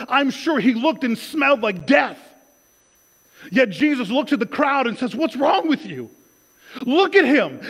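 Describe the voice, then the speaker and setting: A man preaching a sermon in a conversational, animated way, acting out quoted dialogue. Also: high voice, long reverb tail, low-quality recording.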